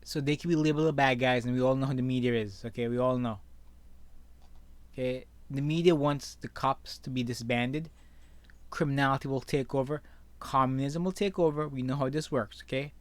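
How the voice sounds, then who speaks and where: An opinionated online commentator reads news stories and reacts, frequently finishing sentences with "okay?". His steady mid-range voice moves a little fast, heard on a dry recording.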